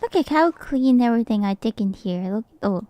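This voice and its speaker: A woman's voice: a little high, animated, a little fast, warm tone, dry recording. A woman streamer, not a native English speaker, chatting playfully and laughing often while she comments on a game. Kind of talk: casual gaming commentary.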